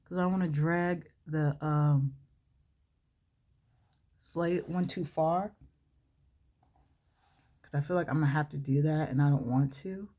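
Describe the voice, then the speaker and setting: Woman beauty vlogger, low-ish voice, chatty storyteller who laughs and gushes as she works. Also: fairly even intonation, takes it slowly, pauses often, mellow. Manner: chatty, laughs often, gushing exclamations. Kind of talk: storytelling during a makeup tutorial.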